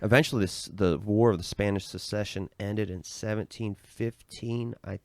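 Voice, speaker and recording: American male co-host, lowish voice, loose hedging history talk. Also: steady tone, normal speed, dry recording. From United States. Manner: loose, hedging with "I think", swearing. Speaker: podcast co-host. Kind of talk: casual chat.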